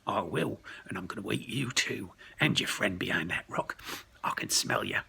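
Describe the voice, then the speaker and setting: A man voicing a greedy male goblin in a bedtime story, muttering in a hushed growl. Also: deep voice, very animated, moderate pace, gravelly, slightly rough, full character voice. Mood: threatening. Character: greedy hungry male goblin, gruff and sulky.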